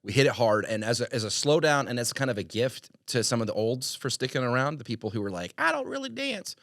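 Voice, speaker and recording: A young man, a wedding DJ, chatting on a podcast in an animated, emphatic way and laughing often. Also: mid-range voice, quick pace, dry recording, clean studio sound. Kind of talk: casual podcast chat.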